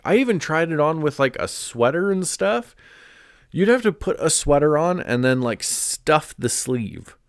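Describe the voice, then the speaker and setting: A man's voice: on the high side, sing-song, unhurried, no room sound, clean studio sound. A man chatting casually on a live stream, congested and rambling with lots of "like" and restarts. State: stuffed up, congested.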